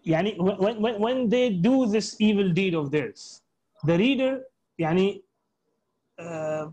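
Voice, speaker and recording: A man with a high voice teaches a tafsir class online. He works through Arabic terms slowly, with frequent fillers, and corrects himself mid-sentence. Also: a little mellow, poor audio. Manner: explains slowly, mixing Arabic terms into English, many fillers and self-corrections.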